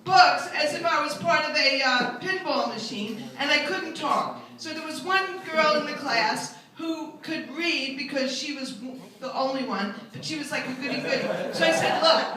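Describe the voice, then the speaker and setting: Self-mocking older woman comic, high and bright, live stand-up, roomy distant sound. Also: moderate pace, few pauses. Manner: chatty, self-mocking storyteller who hops into high character voices. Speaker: stand-up comedian. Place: live comedy venue with an audience. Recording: very echoey room, mic at a distance.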